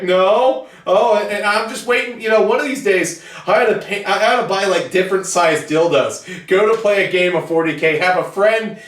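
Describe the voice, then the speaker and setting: Man, profane blunt rant, casual monologue host, slightly high voice, echoey room, distant mic. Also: moderate pace. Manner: profane, blunt, animated ranting. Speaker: hobby channel host. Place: home basement hobby room.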